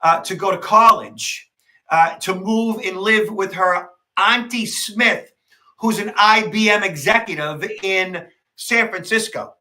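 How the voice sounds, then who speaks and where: A man with a high, very bright and forceful voice talks on a podcast. He tells his story quickly and with emphasis, pushing each point home. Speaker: podcast co-host, security expert. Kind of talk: casual podcast conversation.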